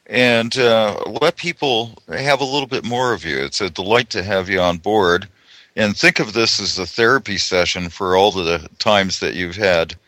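A man hosting a casual group chat who talks haltingly and searches for words. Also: deep voice, bright, forceful tone, no room sound. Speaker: host.

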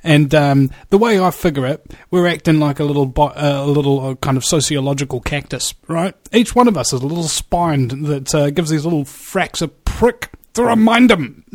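A man with a slightly higher voice hosts a loose, casual conversation. He rambles, makes jokes and puns, and talks in an easygoing way. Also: normal speed, few pauses, a little mellow, dry recording. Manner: jokey, rambling, puts on funny voices. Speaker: host.

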